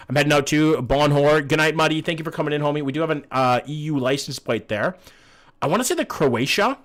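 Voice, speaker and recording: A young man streams a guessing game, talking loosely and swearing a lot between greetings to viewers. His voice sits a little higher than most men's. He rambles, jokes and hypes up good rounds. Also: a bit bright. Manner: chatty, profane, greets chat often. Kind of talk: casual live-stream commentary.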